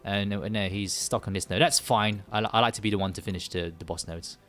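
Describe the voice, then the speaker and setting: A man's voice: fairly low pitch, fairly even intonation, fast talker, a bit bright, soft background music. A man from the UK hosting a live game stream, rambling and joking with many restarts and fillers. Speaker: gaming livestream host. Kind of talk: casual live stream chat.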